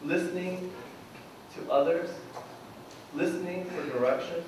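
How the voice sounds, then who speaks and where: High-voiced pastor in an echoing church. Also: male voice, a little slow, noisy background. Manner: animated storyteller, acts out biblical dialogue. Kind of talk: sermon. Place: church sanctuary. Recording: very echoey church hall from far off.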